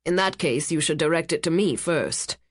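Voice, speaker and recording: A woman's voice: low-pitched, normal speed, slightly rough, no room sound, clean studio sound. A woman doing a curt, officious ship captain. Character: irritable middle-aged male ship captain with a headache.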